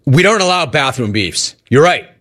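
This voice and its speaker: Animated talk radio host man. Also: a little high. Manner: animated, joking, rapid-fire. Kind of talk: sports talk radio, taking calls.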